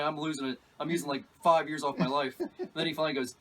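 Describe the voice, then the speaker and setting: A man telling a story as an interview guest, animated and excitable, laughing as he acts out what others said. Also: a little high, fast, distant mic. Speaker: alligator catcher, guest. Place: outdoors at an animal park.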